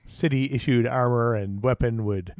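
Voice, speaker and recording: Wry male player, flat delivery, dry close mic. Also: medium pitch, unhurried, dry recording. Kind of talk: playing a tabletop game.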